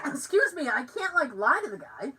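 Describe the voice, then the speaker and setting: Lively Massachusetts woman telling a story. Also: sits high, measured pace, distant mic, heavy background noise. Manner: animated, acts out other people's lines in the story. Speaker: podcast co-host. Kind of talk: casual storytelling chat.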